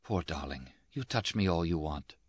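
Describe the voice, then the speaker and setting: Dying young woman, soft-spoken and brave; a low-voiced male reader voices her. Dry, lo-fi read. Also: animated, moderate pace, slightly rough, no room sound, exaggerated voice. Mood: faint, tender. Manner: soft, weak delivery. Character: gravely ill young woman, brave and tender.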